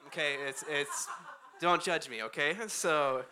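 A man in his thirties leads a relaxed, conversational sermon, talking close into his microphone from a church stage. His voice sits a little high and comes across bright and keen. He pokes fun at himself and slips into laughter between his stories. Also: a little slow, a little hiss or hum. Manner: chatty, self-deprecating, often laughing while talking. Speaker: pastor. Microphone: close handheld or stand microphone.

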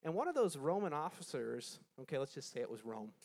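A man's voice: a little high, big pitch swings, a little fast, a little mellow. A man teaching a Bible lesson to a group, reading scripture aloud, then explaining it in a conversational way and quizzing his listeners. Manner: conversational, asks the group questions, frequent restarts.

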